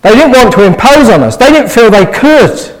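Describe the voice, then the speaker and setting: A man's voice: extremely high pitch, lively intonation, normal speed, rough recording. A man preaching a sermon, earnest and pressing his listeners with eager rhetorical questions.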